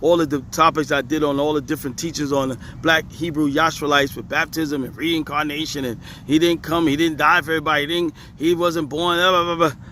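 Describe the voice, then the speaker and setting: A man's voice: fairly high pitch, steady tone, fairly quick, few pauses, bright, forceful tone, a little hiss or hum. A man teaching scripture in a casual video, repeating his points with emphasis and chuckling often. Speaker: religious teacher.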